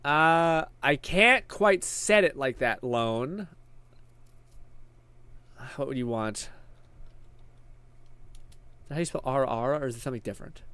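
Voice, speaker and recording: A man's voice: mid-range voice, animated, measured pace, pauses often, pushed and bright, clean tone, no room sound. A man streaming live, chatting casually, thinking aloud and laughing easily, sweaty and tired after a long stream.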